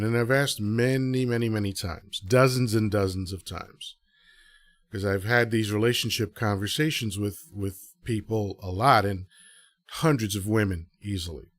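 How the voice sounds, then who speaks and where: A man's voice: medium pitch, no room sound. A man hosting a live audio show, talking casually to listeners and throwing out rhetorical questions. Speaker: podcast host.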